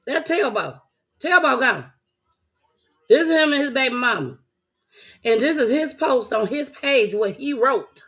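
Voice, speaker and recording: A woman's voice: high voice, animated, a little slow, long pauses, a bit bright, breathy edge. A woman hosting a casual chat show, talking loosely and laughing as she speaks straight to her viewers. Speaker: host.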